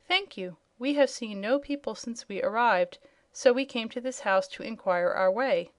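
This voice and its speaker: A woman's voice: fairly high pitch, normal speed, no room sound, close to an everyday voice. Woman reading as an old male wizard, polite, careful, storybook, dry close sound.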